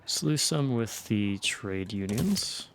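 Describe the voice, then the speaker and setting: A man's voice: fairly low pitch, expressive, slow pace, a bit bright, slight background noise. A man giving casual let's-play commentary on a strategy game, thinking aloud and often restarting or trailing off. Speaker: gameplay streamer.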